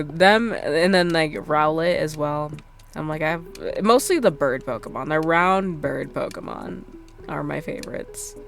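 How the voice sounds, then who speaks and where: A woman's voice: deep voice, slight background noise. A woman streamer chatting casually while she plays, rambling with lots of fillers and self-deprecating asides. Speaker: game streamer. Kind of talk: casual gameplay chat.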